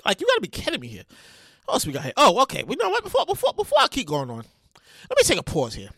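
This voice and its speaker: Male podcast host: high, lively voice, rambling and profane, close and dry. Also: fast, no room sound. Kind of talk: casual solo commentary.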